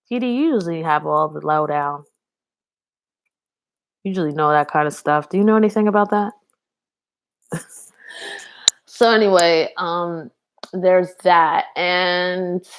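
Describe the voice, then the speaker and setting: A young woman giving a casual live tarot reading, chatty and rambling, talking to viewers in the chat. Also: on the low side. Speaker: tarot reader.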